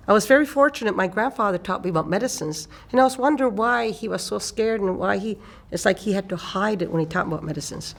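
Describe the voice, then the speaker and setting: Unhurried and medium in pitch, an older woman from eastern Canada recounts something from her own life, an elder who repeats phrases for emphasis.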